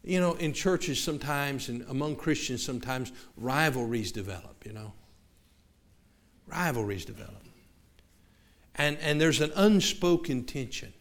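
Southern-accented male pastor, highish voice, conversational sermon with lots of restarts and asides to the room. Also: expressive, moderate pace, hardly any pauses. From American South.

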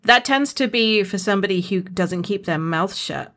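A woman's voice: medium pitch, normal speed, a bit bright. A woman from England with a Somerset accent, co-hosting a podcast in casual chat and laughing often. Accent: Somerset English. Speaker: podcast co-host.

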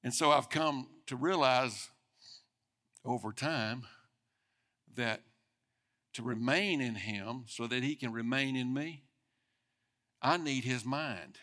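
A man's voice: medium pitch, takes it slowly, long pauses. Man preaching a conversational sermon. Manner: conversational preaching, speeding up and swelling in loudness for emphasis. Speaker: pastor.

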